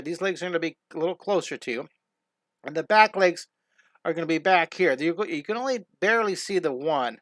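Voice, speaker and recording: A high, bright male voice with an excited, chatty delivery, teaching a live drawing class in a middle-aged voice. The sound is close and dry, with no room around it. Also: no room sound. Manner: enthusiastic, rambling, reads viewer comments aloud. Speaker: drawing instructor. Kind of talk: live-streamed drawing lesson.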